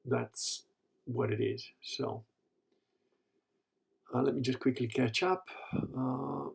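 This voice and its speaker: A man's voice: medium pitch, little pitch movement, takes it slowly, creaky, slightly rough. A man hosting a live Q&A, telling crude, rambling stories with lots of profanity. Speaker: host answering live questions. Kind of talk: live Q&A talk.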